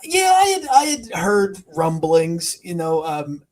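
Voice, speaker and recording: Man as a wisecracking demon puppet, slightly high voice, jokey co-host banter. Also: animated, moderate pace. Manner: jokey, flustered, trails off into laughs. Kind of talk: comedic podcast chat.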